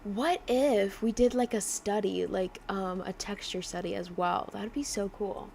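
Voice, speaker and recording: A woman's voice: mid-range voice, fairly even intonation, a little slow, creaky, darkish tone, a little hiss or hum. A young woman livestreaming her digital drawing, chatting casually and rambling with lots of fillers and laughs, her accent drifting in a mix of mimicked accents.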